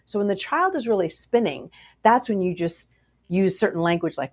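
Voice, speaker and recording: A woman psychologist answering interview questions about parenting, animated and acting out the voices of parents and kids. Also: medium pitch, moderate pace. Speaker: child psychologist guest.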